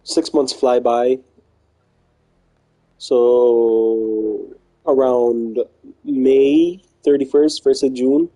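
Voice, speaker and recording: Husky, dark-voiced man rambling a story. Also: medium pitch, poor audio. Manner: rambling and slangy, repeating himself and quoting others. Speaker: live streamer. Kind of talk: casual storytelling on a live stream.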